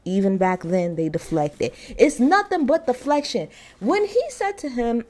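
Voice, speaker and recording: Animated woman ranting about a show. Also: on the high side, measured pace. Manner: animated, emphatic, slangy storytelling. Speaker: TV show reviewer. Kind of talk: ranting episode recap.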